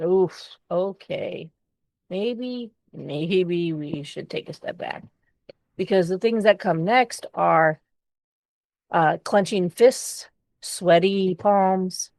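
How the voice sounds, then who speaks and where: Podcast co-host, woman, lower voice, frank and expressive, dry studio sound. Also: slow pace, no echo. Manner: candid and expressive, swears freely. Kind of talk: casual chat.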